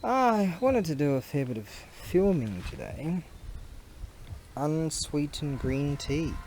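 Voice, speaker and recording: A man's voice: on the high side, animated, slow, darkish tone, slight background noise. A man, chatting casually in a rambling, storytelling way for his vlog, recorded outdoors on a camera mic. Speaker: vlogger.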